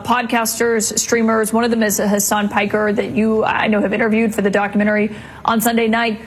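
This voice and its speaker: A woman news anchor asking a long, measured interview question in a played clip. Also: on the high side, a little hiss or hum, low-quality recording. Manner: measured, probing.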